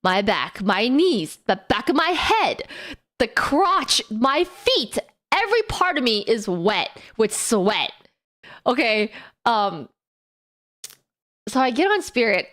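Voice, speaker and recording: A woman streamer telling a story to her chat in a casual, animated way, swearing a lot and bursting into quick rants and shrieks. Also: fairly high pitch. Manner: animated, exaggerated, lots of swearing; breathless rapid bursts with sudden shrieks.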